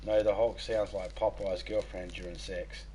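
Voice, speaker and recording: A man's voice: low-pitched, level tone, normal speed, mellow, slight background noise, poor audio. A young man hosting a live game stream, chatting casually with crude, playful jokes. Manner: crude joking, playful, breaks into voices and laughter.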